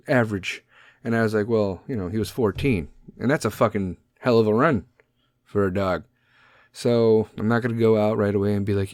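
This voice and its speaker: A thirties man hosts a podcast from home, talking casually, bluntly and emotionally while swearing freely. His voice sits on the low side and moves a little fast. The podcast mic gives studio-quality sound with no room sound.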